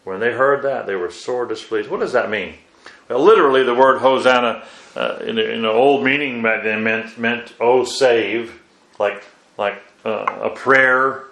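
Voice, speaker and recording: Preacher with a roomy, echoey sound. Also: male voice, medium pitch, measured pace, fairly bright tone. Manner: asks the listeners rhetorical questions; exclaims "wow" between points. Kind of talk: Bible sermon.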